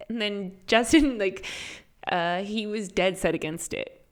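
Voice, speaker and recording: A woman's voice: medium pitch, unhurried. A young woman co-hosting a podcast, chatting about her own experience. She fills her sentences with "like" and gets emotional and giggly as she goes. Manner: emotional, giggly storytelling full of "like". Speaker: podcast co-host. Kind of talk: casual chat, telling a birth story.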